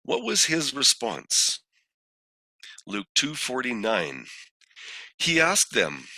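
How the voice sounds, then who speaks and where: A man teaching a scripture study lesson, posing questions and reading verses aloud in a deliberate way. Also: medium pitch, wildly swooping pitch, sharp tone, no echo. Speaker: bible teacher.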